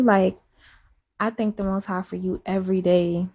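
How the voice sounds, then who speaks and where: A woman chatting casually and confessionally, rambling and repeating herself, sometimes dropping to a hush. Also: medium pitch, flat delivery, moderate pace, breathy edge. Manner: rambling, repeats herself, soft and hushed at times. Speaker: live-stream chatter.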